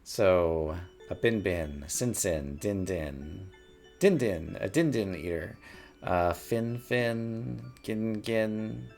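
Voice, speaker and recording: A man's voice: deep voice, lively intonation, slow, vocal fry, darkish tone, soft background music. A man thinking aloud as he plays a word puzzle game, musing and muttering words over to himself at a desk mic. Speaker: gaming YouTuber.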